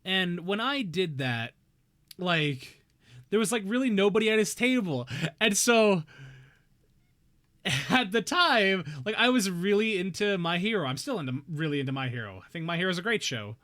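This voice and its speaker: A man streaming a game, chatting casually and telling a rambling, excitable story. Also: sits high, moderate pace. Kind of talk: casual chat.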